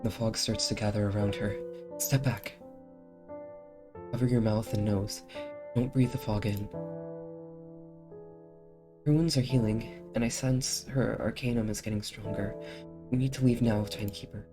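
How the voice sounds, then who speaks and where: A streamer voicing a calm, guarded woman leader in an attempted British accent, reading game dialogue aloud. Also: mid-range voice, normal speed, pauses often, over music, close to an everyday voice. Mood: steady.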